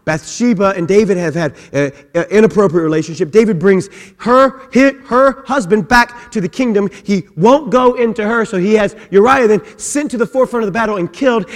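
Man, pastor, impassioned sermon, high-pitched, hushed to shouting, long hall echo.

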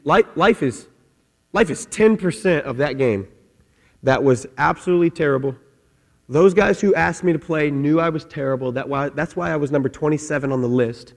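A middle-aged man, a pastor, telling a personal story in an animated sermon in church. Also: a little high, normal speed. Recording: long hall reverb.

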